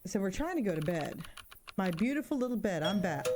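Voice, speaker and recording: A woman's voice: medium pitch, a little fast, background noise. A woman in her thirties doing casual let's-play commentary, joking around and spooking easily. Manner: animated, jokey, easily spooked. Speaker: gaming streamer.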